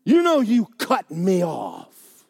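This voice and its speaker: A man's voice: high voice, huge pitch swings, slow, creaky, darkish tone, husky, voice pushed up, full character voice. A man doing a surly, taunting truck driver. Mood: belligerent. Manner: blustering and taunting. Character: surly, belligerent male truck driver picking a fight.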